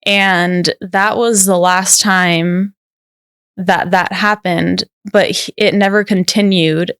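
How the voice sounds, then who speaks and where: A woman's voice: on the low side, fairly even intonation, slow pace, fairly bright tone, smooth, dry recording, clean studio sound. A woman guest on a podcast telling a personal story in a candid, rambling way, full of "like" fillers.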